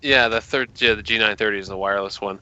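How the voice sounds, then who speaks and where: Bright-voiced man on a dull headset. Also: fairly low pitch, fast talker, clear, resonant tone. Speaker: player. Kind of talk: casual game chat. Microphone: gaming headset.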